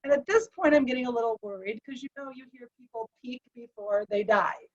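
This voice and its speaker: A woman telling an emotional personal story, animated and acting out the dialogue. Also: fairly high pitch, fairly quick, dull audio. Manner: animated, acts out quoted dialogue.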